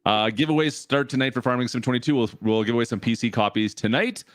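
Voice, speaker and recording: A man's voice: medium pitch, fast, no echo. A man co-hosting a podcast in casual, rambling, self-mocking chat. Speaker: podcast co-host.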